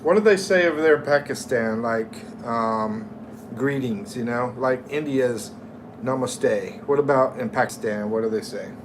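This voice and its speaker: A man's voice: medium pitch, noisy background. A middle-aged man from the United States hosting a casual livestream, reading viewers' comments aloud and chatting in a friendly way. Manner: slow, friendly, reads viewer names aloud. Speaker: livestream host.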